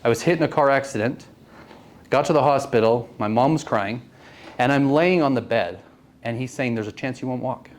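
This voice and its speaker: A man's voice: mid-range voice, normal speed. A man in his late thirties telling a personal story to a networking group, earnest and often asking the audience questions. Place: meeting room.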